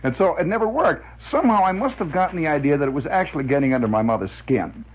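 Man with a husky voice, lively pitch, and a chuckling, rambling storytelling style full of "uh"s, on a dull old radio recording. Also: fast talker. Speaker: radio monologist.

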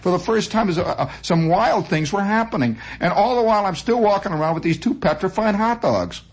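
A man hosting a radio show, telling a long personal story in a dramatic, animated monologue. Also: fairly quick, breathy edge. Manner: animated, dramatic, swooping into high voices. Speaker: radio host.

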